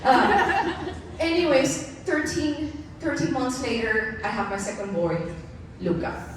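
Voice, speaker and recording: Animated woman telling her story in an echoey hall. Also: high voice, slow pace, background noise. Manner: candid, laughing often, animated asides to the audience. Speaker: keynote speaker. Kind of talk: personal storytelling speech. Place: large event venue. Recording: echoey hall mic from far off.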